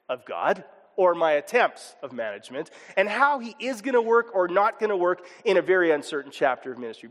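A man preaching a sermon as pastor, animated and expressive, sometimes chuckling and acting out voices. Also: high voice, long reverb tail.

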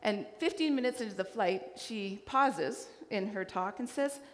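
A Canadian woman serving as guest preacher delivers a sermon at a measured pace in a mid-range voice. She's an animated storyteller, acting out the voices of people she met. Hall reverb colors the recording.

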